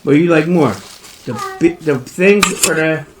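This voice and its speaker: A young man talks loosely through an unboxing in his kitchen, often breaking into exclamations. He is picked up by a phone camera across the room, so he sounds distant in an echoey space. Steady background noise sits under his voice. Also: on the high side, moderate pace. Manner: loose, chatty, exclaims a lot. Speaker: hobby snake breeder vlogger. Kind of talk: casual unboxing vlog. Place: home kitchen. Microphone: phone camera set across the room.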